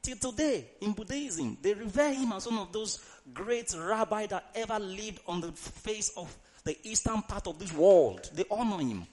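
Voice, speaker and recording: A male preacher, delivering an emphatic sermon, reading scripture dramatically and urging the congregation to answer out loud. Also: sits high, animated, normal speed, hardly any pauses. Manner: emphatic, calls for congregation responses; reads scripture aloud in a dramatic tone.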